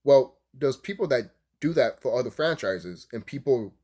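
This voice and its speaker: Animated, profane man ranting about cartoons. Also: mid-range voice, normal speed. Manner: animated, profane, laughs often; rambling, restarts mid-thought. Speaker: cartoon reviewer. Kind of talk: casual opinion rant.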